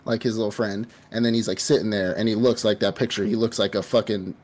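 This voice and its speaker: A man's voice: lowish voice, fairly even intonation, quick pace, darkish tone. A man hosting a podcast, casually recapping a show in a rambling way with lots of swearing and fillers. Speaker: podcast host. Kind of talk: casual chat recapping an anime.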